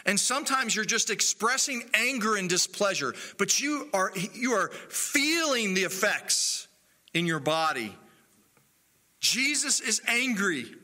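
A man preaching a sermon in an earnest, measured way with emphatic pauses. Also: sits high, pushed and bright. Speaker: pastor.

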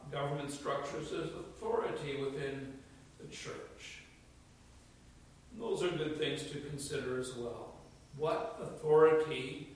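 Older pastor preaching in an echoey church. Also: male voice, medium pitch, slight background noise. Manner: measured preaching with emphatic slow repetitions. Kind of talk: sermon. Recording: roomy echo from a distant mic.

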